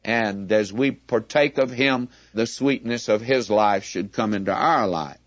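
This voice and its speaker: Male Bible teacher, unhurried and emphatic; muffled, dry lo-fi recording. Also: on the low side, no room sound. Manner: deliberate, emphatic, asks listeners questions.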